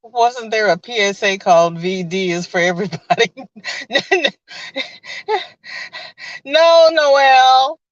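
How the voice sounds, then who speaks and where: With a medium-pitched voice at a normal speed, a woman hosts a relaxed live stream from her car, greeting viewers by name, reading their comments, and laughing as she chats. The audio is dull and lo-fi, with no room sound.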